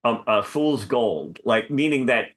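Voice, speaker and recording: A man co-hosting a comedy podcast, talking in an animated, rambling way with many restarts. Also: medium pitch, unhurried, a loud crowd. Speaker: podcast co-host. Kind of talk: casual comedy chat.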